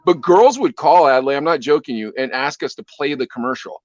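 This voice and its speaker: A man co-hosting a podcast who tells animated stories and laughs through them. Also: fairly high pitch, quick pace, hardly any pauses, lo-fi sound. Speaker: podcast co-host, former radio DJ. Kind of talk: casual chat, storytelling.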